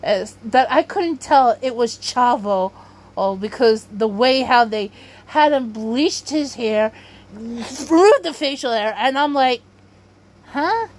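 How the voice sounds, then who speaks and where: A woman with a high voice talks slowly and loosely as a podcast host. She rambles, trips over her own sentences and keeps breaking into laughs. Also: darkish tone. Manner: rambling, self-interrupting, laughs often. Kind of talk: casual rambling commentary.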